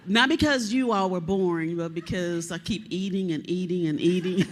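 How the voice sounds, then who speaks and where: A woman's voice: lowish voice, expressive, normal speed, hardly any pauses, slight background noise. A woman from Kentucky, a family member of a missing soldier, speaking from the audience at a public meeting, tearful and rambling as she talks. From Kentucky, USA. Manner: chatty and rambling, self-described talker.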